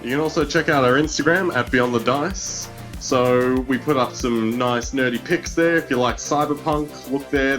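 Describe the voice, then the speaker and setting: A man's voice: medium pitch, fairly bright tone. A man, a co-host talking in an easygoing way. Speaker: podcast co-host.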